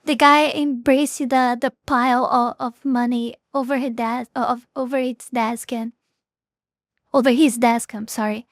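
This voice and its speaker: A woman hosts a reaction video, thinking aloud in a casual, halting way. Her voice sits high. The sound is close and dry. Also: fairly even intonation, dry recording. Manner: hesitant, frequent restarts and fillers. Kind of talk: casual commentary.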